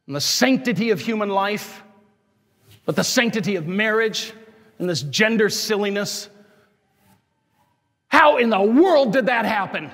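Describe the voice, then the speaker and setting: A male priest with a high voice, preaching with fiery, scolding emphasis. His words ring out with a long reverb through the church, as if from the pulpit. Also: fairly bright tone. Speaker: Catholic parish priest. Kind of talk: sermon.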